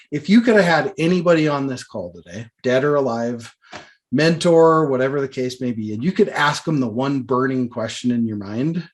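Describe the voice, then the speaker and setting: A man hosting a business podcast, casual and loose, laughing often. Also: mid-range voice. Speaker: podcast host.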